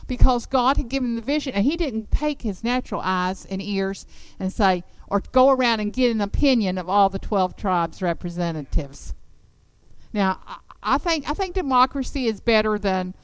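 A woman teaching the Bible to a group in an animated, emphatic storytelling manner. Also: mid-range voice, moderate pace, clear, resonant tone, no room sound, poor audio.

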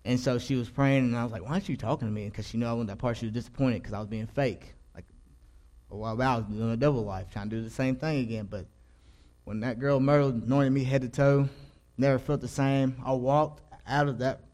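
A man's voice: mid-range voice, fairly even intonation, brisk, darkish tone. Earnest young man telling his testimony. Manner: earnest, rambling, slangy, self-interrupting. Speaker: church youth giving testimony. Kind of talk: casual spoken testimony.

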